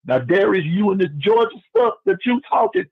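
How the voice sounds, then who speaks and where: A man calling in to a sports show, ranting loudly to fair-weather fans. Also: high voice, big pitch swings, fairly quick, creaky, husky. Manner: loud, fired-up preaching rant. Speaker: caller and chat moderator. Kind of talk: phone-in rant. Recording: dull lo-fi phone call.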